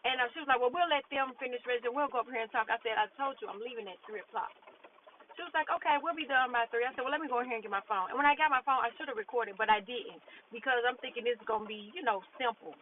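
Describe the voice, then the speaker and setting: A woman's voice: fairly high pitch, racing. A woman telling a work story in a blunt, profane, frustrated casual rant, acting out what others said. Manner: blunt, profane, frustrated, retelling with quoted dialogue. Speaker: vlogger. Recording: tinny phone-like audio with faint noise.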